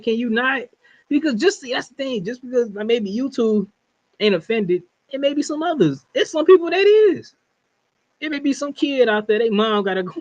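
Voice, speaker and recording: A man co-hosting a podcast who argues his point emphatically in casual slang. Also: extremely high pitch. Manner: emphatic, opinionated, slangy, laughs often. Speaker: podcast co-host. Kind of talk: casual wrestling podcast chat. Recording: dull, lo-fi sound.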